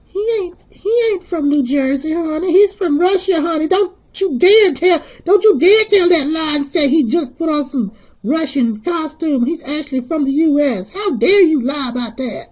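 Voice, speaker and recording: A very high, shrill-voiced sassy church lady, as a man puts her on. She drawls with sugary sarcasm, calling everyone honey. A comedic character monologue. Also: moderate pace, darkish tone. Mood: sarcastic. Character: sassy sharp-tongued churchgoing woman.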